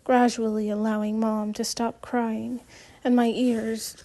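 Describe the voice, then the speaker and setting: A woman narrating an audiobook in the first person, reading gently with the odd restart. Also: on the high side, flat delivery, unhurried.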